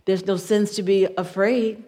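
A woman's voice: medium pitch, flat delivery, unhurried, dark tone. A woman giving a conversational sermon in church, chatty and folksy, often laughing at her own stories. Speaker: church speaker. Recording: long church reverb.

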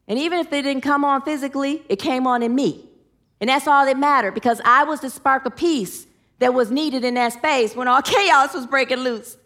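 Her pitch is fairly high and a little bright, and she speaks at a normal speed. This spiritual teacher preaches with earnestness, guiding the group through affirmations and bringing her stories to life.

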